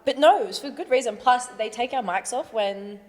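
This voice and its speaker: A woman's voice: a little high, brisk. A woman hosting a casual chat, blunt and laughing often, with frequent swearing. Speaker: podcast host. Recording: echoey room, faint noise.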